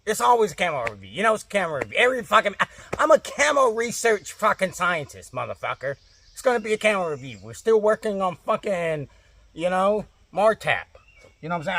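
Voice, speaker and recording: High, sharp-voiced man ranting furiously. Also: sing-song, brisk, dry recording. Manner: angry, profane, swearing constantly, repeating himself. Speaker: comedic ranting character. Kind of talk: profane comedic rant to camera.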